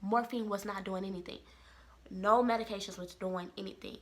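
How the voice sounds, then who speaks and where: Talking to camera, a woman vlogger from Kansas City, Missouri, shares a personal story in a lively, animated way, voicing the people she quotes. Her voice sits at medium pitch and a moderate pace.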